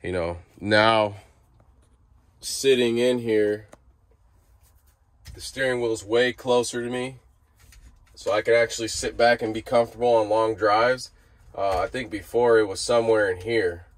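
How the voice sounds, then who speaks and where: A man's voice: lowish voice, steady tone, measured pace, long pauses, dry recording. A man vlogging from inside his truck cab, explaining a repair in a laid-back, rambling way with lots of fillers and restarts. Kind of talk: casual how-to vlog.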